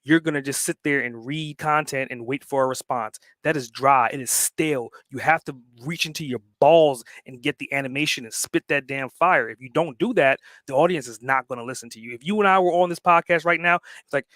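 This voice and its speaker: A man's voice: medium pitch, a little fast, few pauses, fairly bright tone, no room sound. A man talking as a guest on a podcast, emphatic and fired up, swearing freely to drive his points home. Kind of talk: casual podcast conversation.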